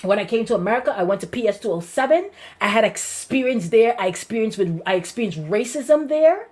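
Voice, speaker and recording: A Guyanese woman pastor telling her life story in an animated way, with lots of repetition and restarts. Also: a little high, fairly quick. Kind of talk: personal testimony to a congregation.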